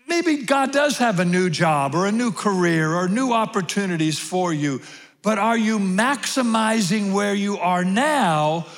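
A high-pitched male pastor preaching slowly and deliberately, leaning on repeated phrases to drive his points home. His voice carries a long reverb from a large hall. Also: gravelly. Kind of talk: sermon. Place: large room with audience.

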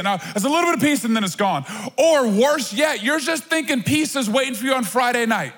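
High-voiced preacher in an echoing hall. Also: male voice, lively intonation, normal speed, a bit bright, breathy edge. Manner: conversational preaching with playful asides. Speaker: pastor. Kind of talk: sermon. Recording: long hall reverb.

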